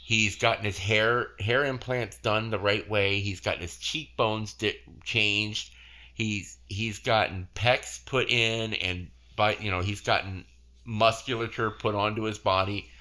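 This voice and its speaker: A man's voice: fairly low pitch, steady tone, unhurried, bright, forceful tone. A man hosting a podcast in casual chat, laughing easily and rambling with restarts and fillers. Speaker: podcast host. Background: theme music.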